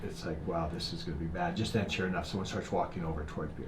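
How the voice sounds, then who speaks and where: In an echoey room with faint background noise, a middle-aged man who's a guest author shares a story in conversation, acting out its people with animation. His voice sits low, and he talks at a quick pace.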